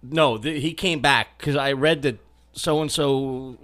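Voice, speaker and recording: A man co-hosting a casual music chat, swearing casually and quick to agree. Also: medium pitch, a bit bright.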